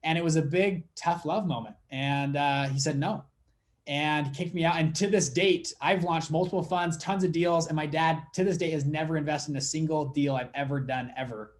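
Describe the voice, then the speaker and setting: A young man, a fund manager guest, telling a story in a casual interview and acting out the dialogue as he goes. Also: fairly high pitch.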